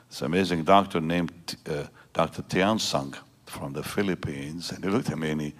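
A pastor in his seventies gives an emotional personal testimony to a church congregation, with halting restarts. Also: deep voice. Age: 70s. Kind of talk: prayer and personal testimony sermon. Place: church service before a congregation.

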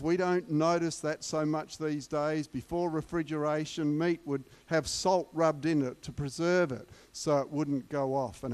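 A man's voice: fairly high pitch, darkish tone. A man preaching a sermon, emphatic and repeating key words for weight.

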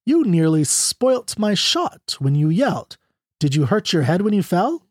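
A man reading aloud and voicing a poised, teasing young woman who speaks in a deliberate, sweet way. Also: sits high, wildly swooping pitch, darkish tone, breathy edge, dry recording, clean studio sound, exaggerated voice. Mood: cool, probing.

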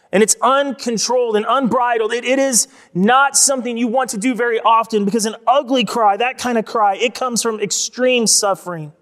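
A pastor preaching a sermon in a conversational way, repeating words for emphasis. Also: male voice, very high-pitched, fairly bright tone. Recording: long reverb of a large hall.

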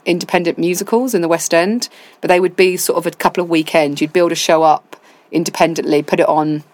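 Woman guest, low register, dry close sound, chatty storyteller acting out quotes. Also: no room sound. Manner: animated storytelling with quoted asides. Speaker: deputy head of school, interview guest. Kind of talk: casual interview chat.

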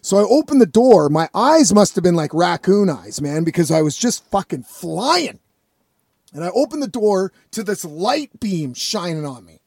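Dude with a high voice rambling through a story, swears a lot, dry close sound. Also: male voice, normal speed, slightly rough, no room sound. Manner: profane, rambling, animated. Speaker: vlogger telling a story. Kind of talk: casual storytelling.

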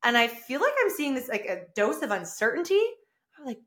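A woman's voice: on the high side, fast talker. A woman hosting her own solo podcast, talking in an effusive, upbeat way that rambles with restarts. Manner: effusive and upbeat, gushing with excitement. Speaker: podcast host. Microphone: own camera and mic.

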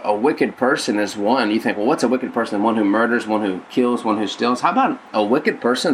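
A man's voice: fairly low pitch, fairly bright tone, slight background noise, poor audio. A male pastor giving a conversational sermon, rambling with many restarts and repeated words.

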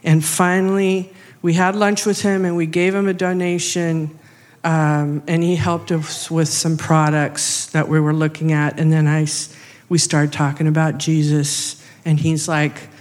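Woman testifying to a congregation; unhurried, animated storyteller who voices the other people, long hall reverb. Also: sits low. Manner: animated, acts out quoted speech. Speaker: missionary sharing a testimony.

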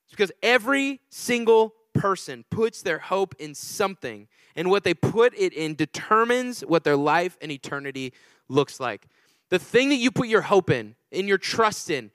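A young man with a high, ringing voice preaches to his congregation, leaning on humor and self-deprecating stories. He keeps checking in with the room as he talks. The sound is close and dry, with no reverb. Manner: humorous, animated, chatty with the congregation. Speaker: pastor. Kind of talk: sermon with storytelling.

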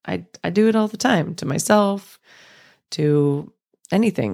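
A woman in her thirties talks through a reflective solo podcast in a low, gently gravelly voice. She speaks slowly and thoughtfully, easing into soft laughs. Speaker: podcast host.

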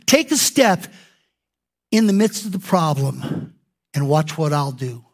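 High-voiced animated male preacher. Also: normal speed. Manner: animated, acts out quoted prayers and voices. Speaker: pastor. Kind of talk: sermon.

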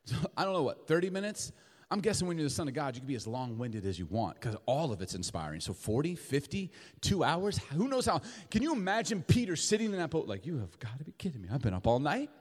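A man preaching a sermon in a church, animated, acting out the voices of the people in his story. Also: on the high side, fast, in a large hall. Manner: animated, acts out voices of Peter and Jesus. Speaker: pastor.

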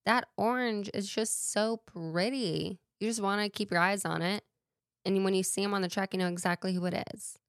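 A woman's voice: lowish voice, dry recording, studio quality. A woman hosting a casual solo talk show with a playful, chatty way of wandering into tangents. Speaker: podcast host.

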